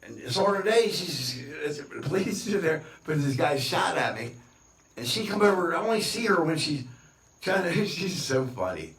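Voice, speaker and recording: A man's voice: fairly high pitch, very animated, moderate pace, fairly bright tone. A man talking to camera in a rambling, boastful, repetitive rant. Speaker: vlogger. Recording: roomy, distant from the mic.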